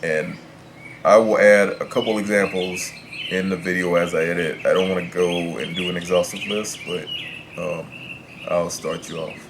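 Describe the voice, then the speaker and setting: A man teaching Spanish pronunciation, explaining grammar to the camera in a measured way, stopping to pick his words. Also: low voice, steady tone, background noise.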